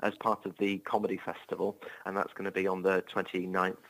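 An English man speaks in a fairly low voice, chatting about his comedy tour. He talks in an amiable, rambling way, full of restarts and self-deprecating asides. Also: monotone, a little fast, a bit bright, rough recording. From England. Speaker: touring comedian.

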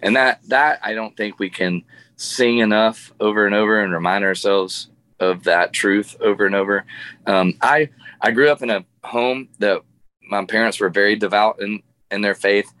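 A man's voice: on the low side, moderate pace, fairly bright tone, dry recording. A middle-aged man, a guest musician, telling a funny story in a radio interview, laughing often and restarting his sentences.

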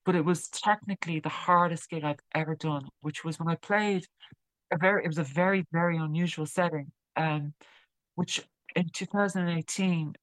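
A woman musician, interviewed as a guest, speaks in a lowish voice with fairly even intonation. The recording is low quality with no room sound, and she tells a story casually and haltingly, often repeating words.

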